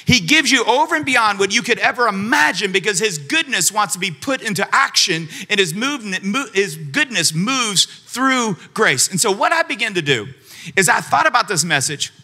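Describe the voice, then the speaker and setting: Bright, high-voiced energetic preacher. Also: male voice, normal speed. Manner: energetic, calls out to the congregation. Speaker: pastor. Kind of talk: sermon. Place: church auditorium.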